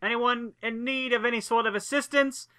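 A woman's voice: lowish voice, animated, moderate pace, pushed and bright. A woman voicing the Doctor in a tabletop game, an eccentric alien who rambles and fusses as she talks. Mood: calling out. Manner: chatty, rambling, fussy.

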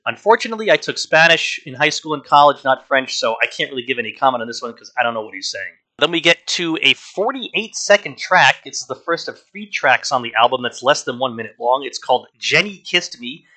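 Bright-voiced man reviewing an album. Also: mid-range voice, lively intonation, brisk, hardly any pauses. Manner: conversational, frank, wry asides. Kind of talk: casual spoken review.

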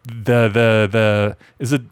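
A man's voice: lowish voice, little pitch movement, takes it slowly, clean tone, no room sound, clean studio sound. A man co-hosting a casual podcast conversation, talking in a chatty, enthusiastic way. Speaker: podcast co-host.

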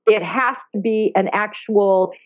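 A woman's voice: mid-range voice, a little slow, no room sound. Woman on a tinny phone line. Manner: earnest and animated, laughs easily. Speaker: guest, dolphin therapy program founder. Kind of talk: casual interview talk. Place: lives in Hawaii. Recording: phone-line sound, dry.

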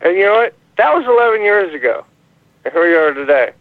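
A man calls in over a tinny, phone-like line that sounds very dry. His voice sits high for a man, and he rambles along with constant fillers and swearing. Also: sing-song, no echo. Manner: rambling, profane, halting with many fillers. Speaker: caller. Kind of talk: call-in rant. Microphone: phone call.

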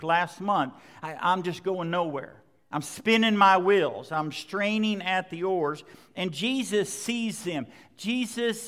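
A man's voice: high-pitched, fairly bright tone. A man preaching a sermon as pastor, emphatic and conversational, acting out the quoted lines. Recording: long hall reverb.

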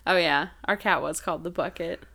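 A woman's voice: fairly low pitch, steady tone, brisk, pushed and bright. A woman with a Wisconsin accent co-hosting a podcast, chatting casually and rambling with lots of fillers and giggles. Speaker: podcast co-host. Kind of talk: casual chat. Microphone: headphones and studio mic.

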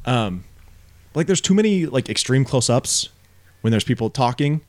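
Male podcast co-host, mid-pitched, blunt and profane, casual review chat. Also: moderate pace. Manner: profane, blunt, animated when incredulous.

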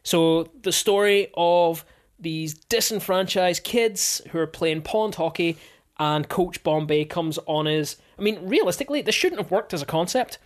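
A woman's voice: fairly low pitch, a little slow. A woman hosting a casual sports podcast, telling stories chattily and laughing often. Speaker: podcast host.

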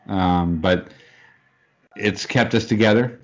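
A man's voice: fairly low pitch, slow pace, highs cut off. Laid-back, laughing podcast co-host, a man. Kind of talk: casual chat.

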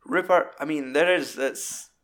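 A man in casual, sweary film chat, acting out scenes in high put-on voices. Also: a little slow, fairly bright tone.

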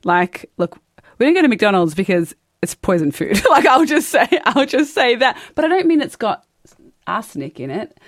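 A woman's voice: normal speed, no echo, studio quality. A woman with an Australian accent, probably in her thirties, hosting a casual podcast interview and telling stories with lots of expression. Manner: lively, expressive storyteller with big pitch swings. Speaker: podcast host.

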